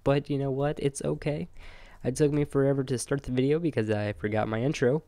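A young man hosting his own gaming channel, chatting casually over his gameplay into a desk microphone, rambling and excitable and greeting his in-game animals. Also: medium pitch, brisk, no echo. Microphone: close desk microphone.

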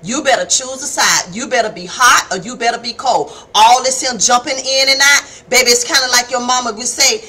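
A middle-aged woman, preaching a folksy, animated devotional sermon on a live stream and calling her listeners baby and honey. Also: fairly high pitch, fairly quick, hardly any pauses, husky. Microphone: phone or webcam on a live stream.

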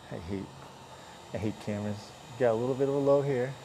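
A man's voice: medium pitch, a little slow, dark tone, slight background noise. A man chatting and joking as he repairs a car dent, grumbling under his breath now and then. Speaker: paintless dent repair technician. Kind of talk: casual running commentary while working.

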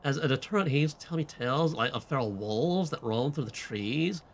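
A man's voice: mid-range voice, brisk, close to an everyday voice. A man voicing a dreamy young woman diarist, drawling like a southern belle and saying "like, totally". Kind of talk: reading in-game notes aloud in a put-on voice.

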